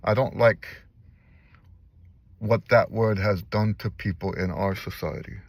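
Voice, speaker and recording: A man's voice: lowish voice, a little slow, creaky, breathy edge, no echo. An older man, talking in a casual personal vlog and speaking earnestly, repeating phrases for emphasis. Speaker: vlogger and musician. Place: in a car.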